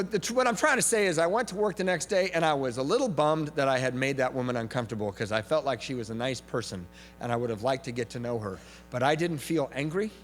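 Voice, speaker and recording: Animated storytelling man in an echoing hall. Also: mid-range voice. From from Southern California. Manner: animated comic storytelling, shouts punchlines. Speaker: AA speaker. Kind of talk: recovery meeting talk. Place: large hall with audience. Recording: reverberant hall recording with faint hum.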